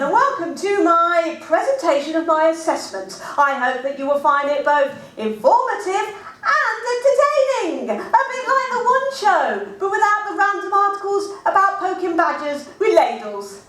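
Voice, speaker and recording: A scatterbrained, self-mocking woman, played by an actress rambles through a comic stage monologue. Her high voice leaps around as she talks, heard from a distance in a roomy hall. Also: a bit bright, exaggerated voice. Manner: chatty, rambling, self-deprecating.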